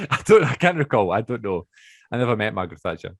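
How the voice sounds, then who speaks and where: A man's voice: mid-range voice, sing-song, fairly quick, husky, no echo. Young male podcast host, dry close sound, rambly and chatty on a video call. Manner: chatty, rambling, self-correcting. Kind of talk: casual chat.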